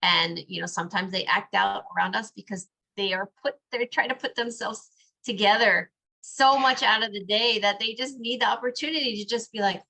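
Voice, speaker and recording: A mother with a gravelly, medium-pitched voice talks at normal speed during a laid-back podcast conversation. Full of energy, she dramatizes pieces of quoted dialogue while she speaks.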